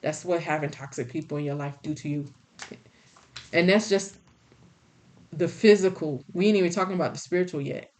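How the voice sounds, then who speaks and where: A woman's voice: deep voice, fairly quick, long pauses, a little mellow, slight background noise. A woman giving a spiritual tarot reading in a blunt, folksy, scolding way. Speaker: tarot reader.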